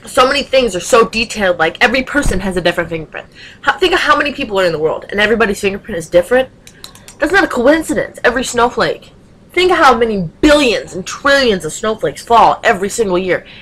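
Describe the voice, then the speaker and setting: A woman's voice: mid-range voice, fairly bright tone, slightly rough, low-quality recording. A young woman vlogger talking straight into her webcam, with emphatic, passionate delivery full of rhetorical questions. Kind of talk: casual webcam rant.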